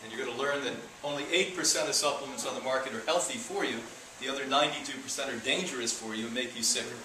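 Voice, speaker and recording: A man giving an animated live lecture to an audience, with joking, mocking asides. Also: mid-range voice, fast talker, background noise. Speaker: health institute lecturer. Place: lecture room. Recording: echoey room, speaker far from mic.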